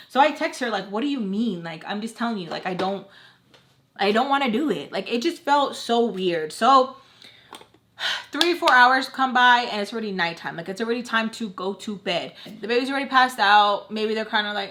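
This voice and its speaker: Young woman, bright tone, blunt chatty storyteller, casual vlog delivery. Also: medium pitch, a little fast, slight background noise. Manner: candid and blunt, swears freely, chatty with many "like"s. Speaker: storytime vlogger. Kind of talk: casual storytime while doing makeup.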